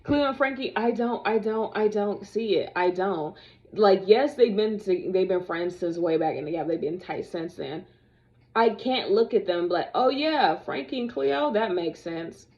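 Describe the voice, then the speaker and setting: This is a young woman vlogging to camera, talking straight to her viewers in an animated, sassy way. Her voice sits at a middle pitch and sounds casual and opinionated. The recording is a little dull and lo-fi. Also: normal speed. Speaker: vlogger reviewing dolls.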